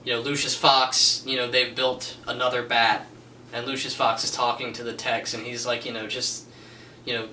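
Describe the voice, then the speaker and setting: A man's voice: medium pitch, flat delivery, normal speed, pushed and bright, roomy sound, far from the mic, a little hiss or hum, poor audio. A man giving a casual spoken film review, gushing and rambling with many restarts and fillers. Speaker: movie reviewer.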